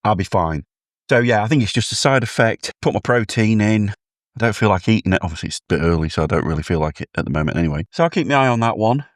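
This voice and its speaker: A man's voice: on the low side, expressive, rapid-fire, no room sound, clean studio sound. A British man keeping a casual, rambling video diary, chatting to his phone camera with a self-deprecating manner. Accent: British English. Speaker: vlogger.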